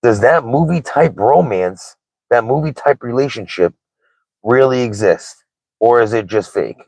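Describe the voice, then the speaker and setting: A man's voice: mid-range voice, animated, a little slow, gravelly, darkish tone, no echo, low-quality recording. A man in his thirties hosting a casual livestream chat, candid and rambling, with lots of "like" and "right?". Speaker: livestream host.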